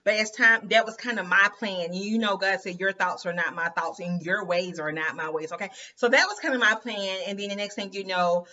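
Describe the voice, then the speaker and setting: A woman's voice: medium pitch, a little fast, few pauses, pushed and bright, lo-fi sound. A woman telling her story to viewers in a chatty, emphatic way, often calling them "you guys" and "girl". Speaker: host of an inspirational women's channel.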